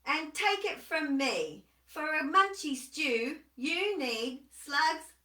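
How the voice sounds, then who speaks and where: A woman voicing a bossy male echidna who loudly lays down his advice in a storybook reading. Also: sits high, very animated, slow pace, pitched above the performer's own voice, exaggerated voice. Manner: loud, firm, know-it-all. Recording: echoey room, voice off-mic.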